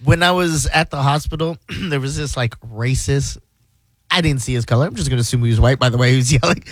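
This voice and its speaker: A man's voice: mid-range voice, fast talker, no echo. A man chatting casually as a podcast co-host who laughs often while telling stories. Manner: laughs often, playful storytelling. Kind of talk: casual chat.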